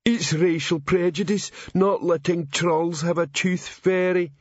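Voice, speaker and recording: A man voicing a sulky small male troll burglar who mutters slowly. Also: sits high, fairly even intonation, no echo, dull audio, pitched above the performer's own voice.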